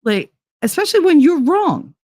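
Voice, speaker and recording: A woman hosting a casual chat show, telling a story in a blunt, animated way and swearing freely. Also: high voice, normal speed, no room sound. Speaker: host.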